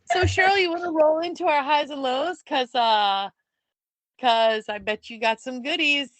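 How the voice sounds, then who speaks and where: A woman co-hosting a podcast in casual chat, playful and joking with quick asides. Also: sits high, no echo. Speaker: podcast co-host.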